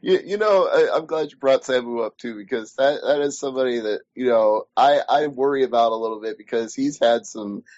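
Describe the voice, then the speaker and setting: A man's voice: mid-range voice, a little fast, few pauses, a little mellow, no room sound, muffled recording. A man interviewing a guest in casual chat, thoughtful and hesitant with frequent restarts.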